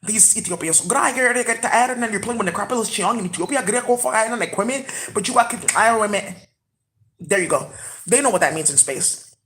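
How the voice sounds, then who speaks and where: A woman giving a rambling, profane monologue with sudden loud exclamations. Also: mid-range voice, expressive, a little slow.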